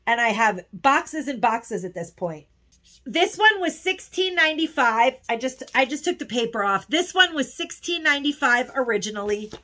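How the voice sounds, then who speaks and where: A woman's voice: sits high, lively intonation, moderate pace, pushed and bright. A woman chatting casually in a haul video, gushing and emotional, sometimes close to tears. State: tearful at times. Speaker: haul vlogger.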